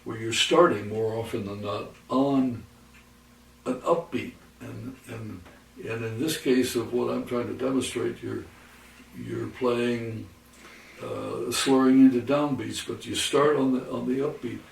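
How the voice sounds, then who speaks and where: Gravelly man teaching guitar. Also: mid-range voice, steady tone, distant mic. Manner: halting, restarts often, counts beats aloud. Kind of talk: lesson with demonstrations. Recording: roomy, from off the mic, faint noise.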